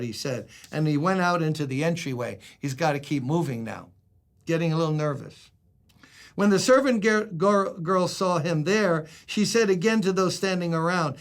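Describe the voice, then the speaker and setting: A man's voice: a little high, lively intonation, moderate pace. An older man, a pastor, giving a devotional sermon in a conversational style, acting out quoted lines with dramatic emphasis.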